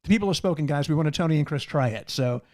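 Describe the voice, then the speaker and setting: A man's voice: on the high side, rapid-fire. A man co-hosting a casual live-stream chat, telling stories and acting out what people said. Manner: animated storyteller, acts out quotes. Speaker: co-host.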